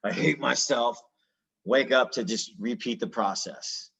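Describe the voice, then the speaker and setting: A man's voice: mid-range voice, moderate pace, a bit bright, slightly rough, low-quality recording. A man in his thirties candidly telling his own story in a casual, slangy, earnest way. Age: 30s.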